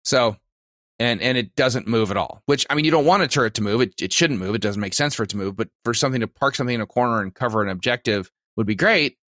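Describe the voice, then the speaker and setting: A man's voice: medium pitch, fast, sharp tone, dry recording, clean studio sound. A man co-hosting a casual gaming talk show, eager and stammering through restarts. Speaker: podcast co-host. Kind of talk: casual chat about tabletop gaming.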